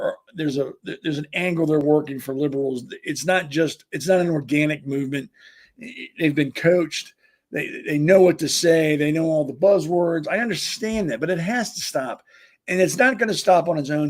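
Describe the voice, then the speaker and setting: A man hosting a podcast, delivering an emphatic, repetitive rant with frequent stumbling restarts. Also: a little high. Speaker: podcast host. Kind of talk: ranting political commentary.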